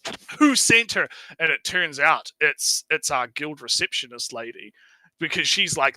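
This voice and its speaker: A man on a stream, recapping an anime in casual chat, animated and swearing, acting out quotes. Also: a little high, normal speed, no room sound, rough recording. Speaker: stream co-host.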